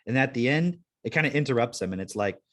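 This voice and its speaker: A man chats loosely on a podcast in an ordinary middle male pitch. He rambles, fills gaps with "like", and swears freely. His manner stays relaxed and conversational throughout. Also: fast. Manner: rambling, laid-back, swears freely, many fillers. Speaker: podcast host. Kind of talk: casual chat.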